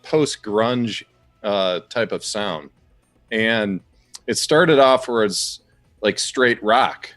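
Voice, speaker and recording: A man's voice: lowish voice, a bit bright, no echo. A man co-hosting a music show, rambling enthusiastically about a song with many restarts. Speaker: co-host music reviewer. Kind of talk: casual music review chat.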